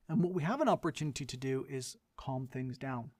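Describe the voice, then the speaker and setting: A man's voice: medium pitch, lively intonation, brisk, hardly any pauses, darkish tone, no echo. A middle-aged man, a mediator, giving an earnest educational lecture full of rhetorical questions and lists.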